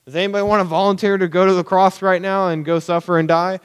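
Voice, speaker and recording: A young man giving a casual, conversational sermon as a preacher, animated and acting out everyday reactions. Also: high-pitched, fast, smooth. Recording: long hall reverb.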